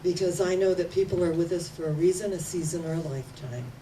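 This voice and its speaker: A woman's voice: fairly low pitch, fast, dark tone. Older woman minister preaching from afar. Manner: emphatic, repeating words with rising and falling intensity. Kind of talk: sermon. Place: church platform. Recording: distant mic with faint room noise.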